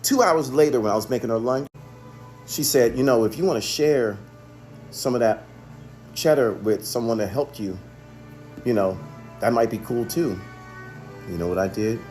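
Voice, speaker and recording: A man's voice: mid-range voice, normal speed, pauses often, a little mellow, soft background music. A man, a chef, telling the story of a phone call in an earnest monologue, often repeating himself for emphasis. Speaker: chef and restaurant owner.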